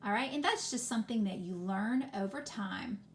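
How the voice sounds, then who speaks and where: A woman teaching a phonics lesson to children, sounding out words slowly and patiently. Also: medium pitch, animated, a little hiss or hum.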